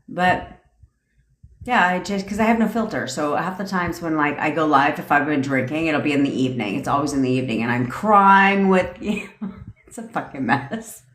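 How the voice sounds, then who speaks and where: A woman's voice: low voice, moderate pace, fairly bright tone. A woman coaching manifestation in a casual livestream chat, brash and profane, laughing often. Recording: echoey room.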